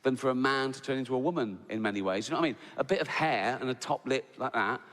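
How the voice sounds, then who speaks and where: A man's voice: medium pitch, fast, a bit bright. A man doing a rambling, playful stand-up routine in a large theatre. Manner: rambling, playful storytelling with crude voices. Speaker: stand-up comedian. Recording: live hall with long reverb and background noise.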